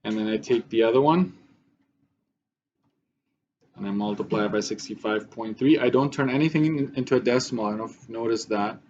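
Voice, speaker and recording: Male teacher, mid pitch, walks students through steps, slightly dull lo-fi recording with faint background noise. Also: brisk, pauses often, darkish tone. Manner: talks through steps, frequent "right?" checks. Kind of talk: math lesson walkthrough.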